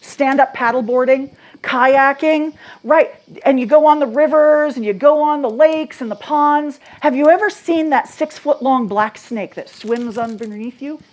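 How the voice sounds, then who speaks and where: A woman from Maine telling ghost stories live to an audience, dropping to a hush and then rising loud and animated, asking the crowd questions. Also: high-pitched, measured pace, hardly any pauses. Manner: dramatic, swings from hushed to loud and animated. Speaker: storyteller.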